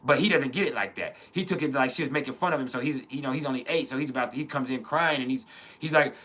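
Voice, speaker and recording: A man's voice: a little high, racing, pushed and bright. A man in his thirties hosting a casual spoken reflection, earnest and blunt, with frequent swearing and restarts. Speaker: podcast host.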